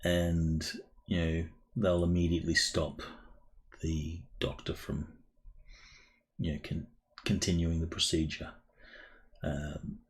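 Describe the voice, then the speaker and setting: A man with a low voice runs a tabletop game. He narrates slowly and breaks his sentences with fillers. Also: completely flat delivery. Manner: halting, many fillers. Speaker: game master.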